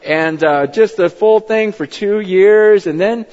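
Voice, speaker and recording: A man's voice: slow pace, a little mellow. Impassioned male pastor in echoing church. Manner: impassioned, rising to high emphatic peaks. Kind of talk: sermon. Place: church sanctuary. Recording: dull sound with long hall reverb.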